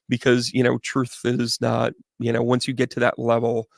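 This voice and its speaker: Gravelly chatty man telling a story. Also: medium pitch, completely flat delivery, brisk, hardly any pauses, no room sound, clean studio sound. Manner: rambling, chatty, frequent restarts. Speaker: host, medium. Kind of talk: casual storytelling to a live audience.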